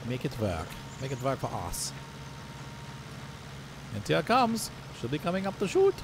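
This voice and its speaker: A man casually commentating his own farming game, chatty and self-mocking, often jumping into playful high exclamations. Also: huge pitch swings, normal speed, gravelly, long pauses, background noise. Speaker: gameplay commentator. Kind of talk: casual let's-play commentary.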